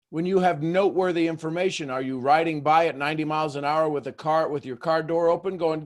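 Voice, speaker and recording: A man hosting a motivational talk, firing rhetorical questions at listeners and swinging between hushed asides and loud bursts. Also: a little high, fairly even intonation, quick pace, hardly any pauses. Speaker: host.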